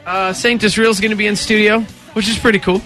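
Male morning radio host, upbeat and chatty, sleepy voice, high and bright, studio mic. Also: little pitch movement, fairly quick, soft background music. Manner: upbeat, chatty, laughs often. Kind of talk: casual morning radio banter. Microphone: studio microphone.

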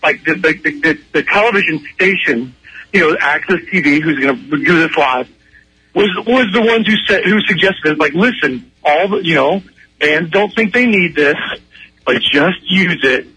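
A man phones in to a morning radio show, cracking jokes at his own expense. He is still in his morning voice after an overnight flight. His tone is bright, and his pitch sits a little high for a man. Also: lively intonation, breathy edge, low-quality recording. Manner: playful, self-mocking, quick asides. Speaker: musician calling in to a radio show. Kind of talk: joking phone-in chat.

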